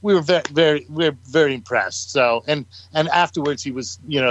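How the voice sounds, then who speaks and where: A man's voice: a little high, a little fast, fairly bright tone, dry recording. Older man telling rambling stories. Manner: rambling, acts out quotes of others. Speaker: guest musician. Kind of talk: casual anecdotal storytelling. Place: podcast studio. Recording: dull, dry studio audio.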